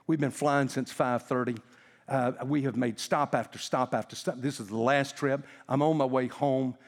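A man's voice: medium pitch, steady tone, moderate pace, in a large hall, voice pushed down, close to an everyday voice. A man voicing a tired female flight attendant pleading with a passenger. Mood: weary.

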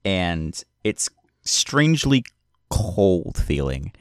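A man narrating as game master of a tabletop role-playing game, relaxed and hesitant, with many fillers. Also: sits low, very slow, dry recording, clean studio sound.

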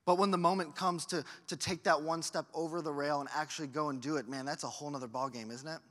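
A man's voice: a little high, steady tone, fast talker, fairly bright tone. A man pastor giving an earnest storytelling sermon, often repeating words as he goes. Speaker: family life pastor. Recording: echoey hall.

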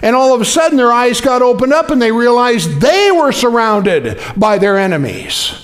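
A man preaching a sermon as pastor, in a folksy, conversational way full of fillers that builds up into shouted emphasis. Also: extremely high pitch, very animated, normal speed.

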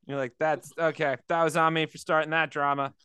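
A man's voice: on the high side, level tone, brisk, bright, forceful tone, clean tone, dry recording. A man chatting casually as a comedian co-host, acting out quotes in different voices and swearing freely. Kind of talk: casual podcast chat.

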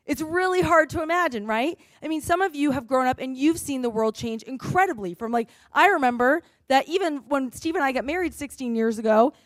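A woman's voice: high-pitched, lively intonation, brisk, hardly any pauses, no echo, studio quality. A woman pastor teaching a congregation in a conversational sermon, explaining things in a chatty way and often checking in with "right?".

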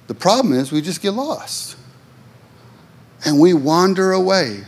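A male pastor preaching a sermon. His phrasing is rhythmic and repetitive, and his voice swings from impassioned highs to sudden low, quiet emphasis. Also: very animated, measured pace, husky.

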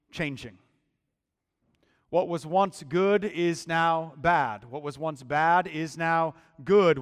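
Male pastor, emphatic sermon delivery, slightly high voice, long echoing hall. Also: smooth. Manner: deliberate, emphatic preaching with repeated words.

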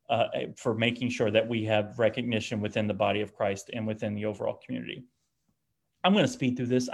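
A man's voice: lowish voice, vocal fry. Casual man giving a church talk. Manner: casual, restarts often, tags lines with "right?". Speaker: speaker on disability theology.

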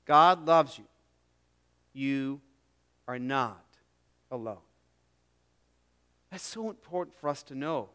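A middle-aged man preaching a sermon as pastor, earnest and emphatic, dropping to a hush on key phrases and repeating words as he goes. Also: medium pitch, takes it slowly, pauses often, clean tone.

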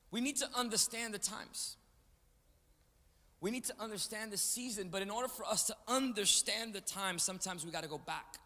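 A man's voice: high-pitched, sharp tone. A man preaching as a guest speaker, joking with the congregation and calling for them to answer back, in a large church. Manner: joking, call-and-response with the crowd. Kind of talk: energetic sermon. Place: church sanctuary, large indoor. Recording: reverberant church hall.

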